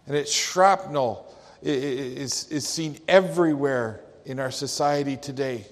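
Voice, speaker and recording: A man's voice: mid-range voice, a little slow. A male pastor preaching a sermon with emphatic delivery, quoting scripture. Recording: long hall reverb.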